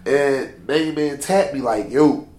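Young man, animated street-slang storyteller; echoey room. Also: mid-range voice, takes it slowly. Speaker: storyteller in podcast chat. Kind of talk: casual chat. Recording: roomy echo.

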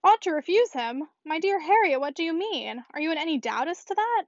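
A woman voicing a clever, decided young lady in a measured, precise reading. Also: extremely high pitch, expressive, no room sound. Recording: dull, dry lo-fi recording.

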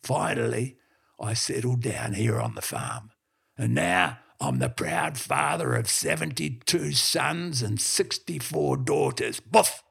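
A man voicing a gruff old male farm dog, boastfully spinning yarns and barking between tales. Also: medium pitch, very animated, slow, a bit bright, heavily acted. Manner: boastful yarn-spinner, barks "boof".

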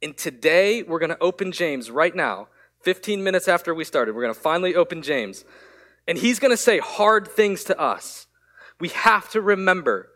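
A man pastor giving a sermon, telling a candid story with quick asides. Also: medium pitch, fairly bright tone.

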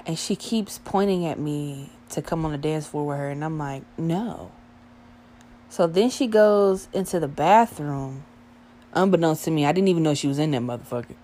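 Low-voiced woman telling a profane story. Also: normal speed, slight background noise. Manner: profane, animated, acts out quoted dialogue. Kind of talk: casual storytime monologue.

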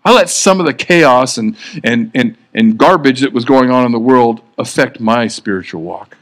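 A man's voice: medium pitch, normal speed. A man giving a sermon in an earnest, conversational way, often restarting his sentences. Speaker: preacher.

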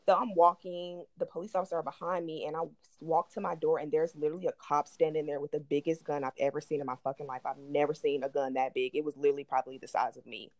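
A woman tells a story on a casual podcast, lively and profane, voicing the people in it. Her voice sits low. The sound is dry and close. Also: fast talker, hardly any pauses, dry recording. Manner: animated, profane, acts out quotes. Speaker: podcast co-host.

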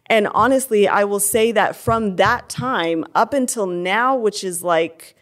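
Young woman, earnest and candid, mid-pitch conversational testimony. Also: unhurried. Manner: earnest, candid, many fillers and restarts. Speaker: interview guest.

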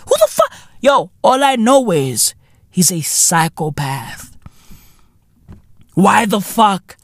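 A woman's voice: mid-range voice, no room sound. A woman hosting a podcast, delivering a profane, incredulous comedic rant full of slang tags. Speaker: podcast host.

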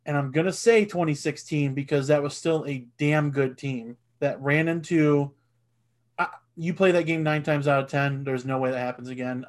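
Excitable man talking basketball. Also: on the high side. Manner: animated, swears, gets loud when excited. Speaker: podcast co-host. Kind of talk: casual sports chat.

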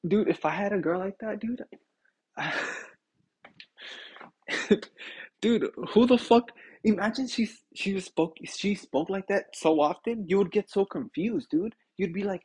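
A man's voice: high-pitched, unhurried, breathy edge. A young man hosting a casual podcast, telling stories and ranting with lots of swearing, laughter and calling the listener dude. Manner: animated, swearing, laughing often, says dude a lot. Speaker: podcast host. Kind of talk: casual solo podcast rant.

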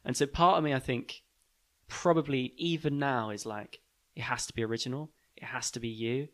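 A man's voice: medium pitch, fairly even intonation, moderate pace. A young man hosting a podcast, telling a story in a rambling, chatty way full of fillers. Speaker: podcast host. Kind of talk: casual storytelling chat.

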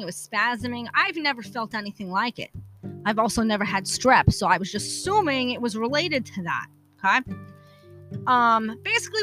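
A woman's voice: mid-range voice, sharp tone. A woman hosting a podcast, telling a personal story in a profane, exasperated rant. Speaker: podcast host.

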